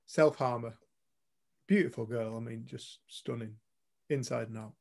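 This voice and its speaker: A retreat co-host tells a story to a group, blunt and earnest, swearing casually along the way. He speaks unhurriedly in a medium-pitched, gravelly voice with a darkish tone.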